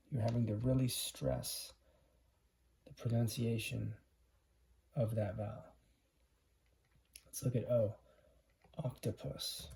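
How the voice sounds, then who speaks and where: A pronunciation teacher giving a slow phonics lesson, repeating example words one at a time to contrast vowel sounds. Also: medium pitch, gravelly, warm tone.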